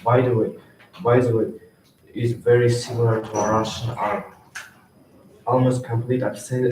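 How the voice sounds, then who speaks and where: A young man giving a school research presentation, reading from slides with halting restarts. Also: on the low side. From Kazakhstan. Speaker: student presenter. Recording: echoey room, distant mic, noisy.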